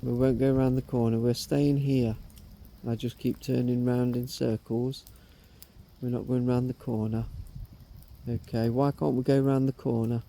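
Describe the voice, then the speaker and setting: A middle-aged man leads a ghost hunt, asking spirits for their names and ages in slow, coaxing questions. His voice is very dark and mellow, with a gravelly fry running through it. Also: medium pitch, flat delivery, a little hiss or hum. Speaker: paranormal investigator.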